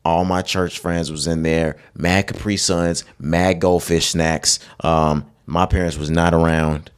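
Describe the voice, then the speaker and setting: A young man co-hosting a podcast in casual, slangy chat, laid-back and quick to laugh. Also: deep voice, steady tone, clean tone. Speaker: podcast co-host.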